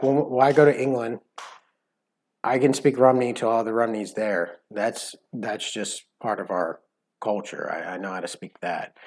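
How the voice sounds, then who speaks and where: A man co-hosting a live stream, chatting casually, rambling and joking and repeating his words as he talks. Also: medium pitch. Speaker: co-host of a live cooking stream.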